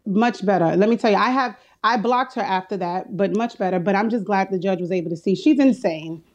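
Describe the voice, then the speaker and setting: A woman's voice: mid-range voice, fairly quick, highs cut off. A woman defending herself in a courtroom case, telling her story at length and acting out what was said. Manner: animated storyteller who acts out quotes. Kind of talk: heated courtroom testimony.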